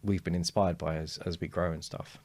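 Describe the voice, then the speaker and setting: A man, a speaking coach talking as a guest in a casual podcast conversation, animated and acting out quotes. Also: low-pitched, fairly quick, no echo. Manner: animated storyteller, acts out quotes.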